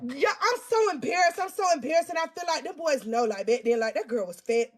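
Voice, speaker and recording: A woman with a high voice tells a storytime to her viewers. She is crude and self-mocking. She speaks right to the camera and gets loud when she teases her younger self. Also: quick pace. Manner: animated, loud bursts when teasing herself. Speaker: vlogger. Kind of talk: storytime vlog.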